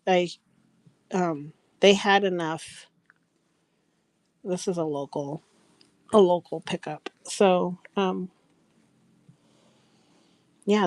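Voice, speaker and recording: With a lowish, slightly mellow voice, a woman hosts a live stream selling crafts. She talks casually, rambles, laughs a lot and welcomes viewers by name, and the audio has no room sound.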